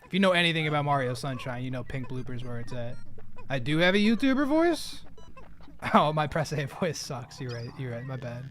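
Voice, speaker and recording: A man's voice: medium pitch, big pitch swings, fairly quick, a bit bright. A man chatting casually while live streaming a game, rambling and joking at his own expense. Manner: rambling, joking, often laughing at himself.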